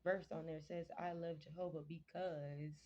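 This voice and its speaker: A woman reading Bible verses aloud in a casual vlog, slowly and carefully, stumbling over words and chatting about what they mean. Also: low-pitched, flat delivery, dark tone. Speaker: vlogger reading scripture. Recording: dull lo-fi sound.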